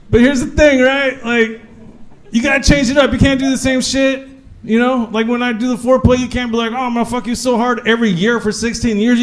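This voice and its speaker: High-voiced man doing crude stand-up. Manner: crude, animated storytelling with sudden shouts. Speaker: stand-up comedian. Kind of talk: stand-up comedy set. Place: comedy club stage.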